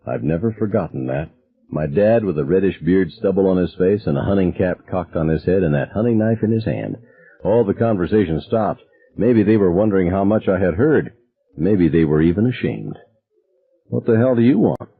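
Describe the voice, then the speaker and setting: A man reading a novel aloud as a first-person narrator, in a measured, somber storytelling manner. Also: low-pitched, husky. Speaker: audiobook narrator. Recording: narrow phone-like sound.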